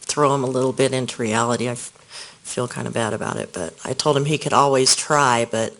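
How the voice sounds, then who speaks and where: Male witness in court; soft, hesitant testimony, average pitch. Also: rough recording. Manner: soft-spoken, halting, with small restarts.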